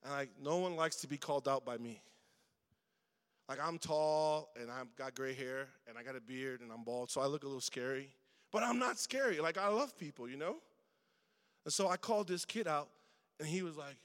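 A man's voice: a little high, moderate pace, a bit bright. A middle-aged man preaching a sermon to young people in a conversational way, calling on the crowd to answer. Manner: conversational, calls for responses from the crowd. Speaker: guest preacher at a youth service. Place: church hall. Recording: long hall reverb.

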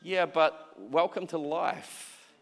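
A man's voice: fairly high pitch, slow pace, vocal fry. A man preaching a sermon in a chatty way, often acting out quoted voices and repeating words. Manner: conversational, acts out quoted voices, repeats himself. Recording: long reverb of a large hall.

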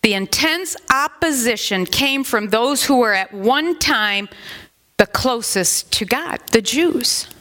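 A woman pastor preaching a sermon in a conversational, animated way, acting out quotes and adding asides. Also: a little high, slow. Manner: animated, acts out quotes in put-on voices.

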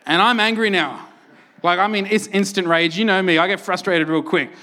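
Animated Australian pastor, bright high voice. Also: male voice, moderate pace. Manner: animated, self-mocking, conversational, frequent "right?" and "like". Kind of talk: sermon with personal storytelling.

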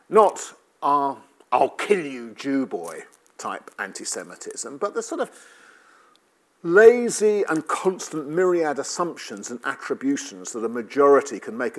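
A middle-aged English man with a light London lilt, telling wry personal stories and jokes to an audience. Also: mid-range voice. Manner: wry, animated storytelling with joke delivery. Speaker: speaker giving a talk. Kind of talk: storytelling talk to an audience.

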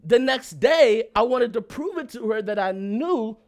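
Animated man telling a personal story. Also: extremely high pitch, measured pace. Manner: lively, emphatic, often checks in with "right?" and "okay?"; laughs while talking.

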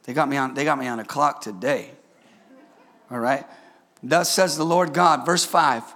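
A man preaching a sermon with call-and-response, swinging from shouted climaxes to quiet, joking asides with the congregation. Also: medium pitch, normal speed.

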